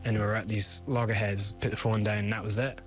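Guy telling his story in an interview, animated, soft music behind him. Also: fairly low pitch, fast. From Scotland. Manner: animated, acts out quoted voices. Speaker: interview guest.

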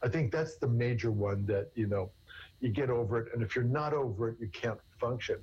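A man's voice: medium pitch, fairly quick, a little mellow, husky. A man, a therapist, answering interview questions at length in a rambling way, often restarting with repeated words. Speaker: therapist guest. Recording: dull lo-fi recording.

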